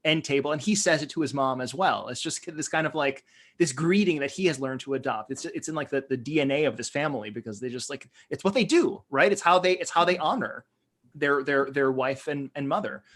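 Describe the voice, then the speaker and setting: A man's voice: mid-range voice, brisk, fairly bright tone. An American man co-hosting a podcast, talking in a rambling way with many fillers and restarts. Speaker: podcast co-host. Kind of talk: casual discussion.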